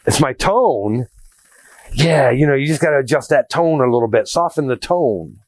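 A man's voice: mid-range voice, fairly quick, no room sound. A man preaching a sermon as a pastor, blunt and conversational, telling stories with self-deprecating humor.

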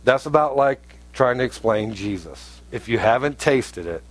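A pastor preaching a conversational sermon, telling stories and rising to emphatic outbursts. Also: male voice, medium pitch, lively intonation, moderate pace.

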